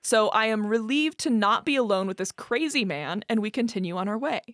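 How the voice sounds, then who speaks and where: A woman podcast co-host reading a listener's story aloud, animated and laughing often. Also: on the high side, brisk, no echo, studio quality.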